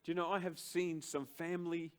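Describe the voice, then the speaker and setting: An older man preaching a sermon to a church congregation, slow and emphatic, with dramatic pauses and big swings between loud and soft. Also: on the high side, level tone, clean tone. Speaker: pastor. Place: church service.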